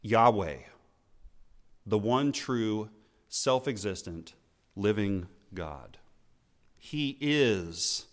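A man preaching a sermon in an earnest, teaching tone, slowing down to stress key words and letting his phrases fall at the end. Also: on the low side, expressive, fairly bright tone. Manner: slow emphatic phrasing with falling line endings.

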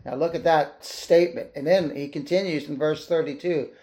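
A man's voice: a little high, fairly even intonation, moderate pace, darkish tone. A man preaching a sermon with fervor, reading old-fashioned scripture aloud and putting questions to the listeners. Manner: fervent, exclaiming and asking the listeners questions.

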